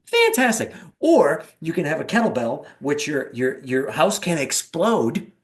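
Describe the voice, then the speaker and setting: A man hosting an interview, chatting casually and joking with animated storytelling. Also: on the high side, moderate pace. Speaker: host.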